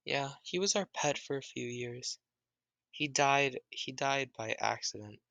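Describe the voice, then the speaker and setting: A man's voice: medium pitch, animated, measured pace, gravelly, bright, forceful tone, no room sound, pitched above the performer's own voice, exaggerated voice. A man voicing a shy, grieving young boy who stammers his answers. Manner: timid, hesitant.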